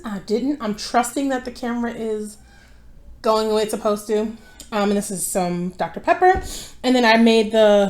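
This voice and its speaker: A woman's voice: on the high side, a little mellow. A young woman in casual chat while eating, tired and rambling, often correcting herself. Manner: rambling, easily distracted, self-correcting. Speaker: mukbang vlogger. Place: home.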